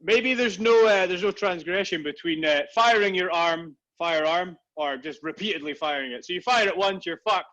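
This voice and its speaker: A man's voice: high voice, normal speed, hardly any pauses, a bit bright, muffled recording. A man co-hosting a casual podcast, rambling and swearing as he tells stories. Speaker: podcast co-host. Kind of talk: casual banter.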